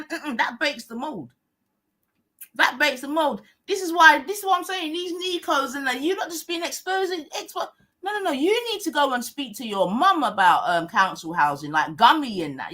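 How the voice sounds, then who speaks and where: A woman with a high-pitched, sharp voice is hosting a livestream. She rants heatedly and combatively, packing in heavy slang and swearing while she repeats herself.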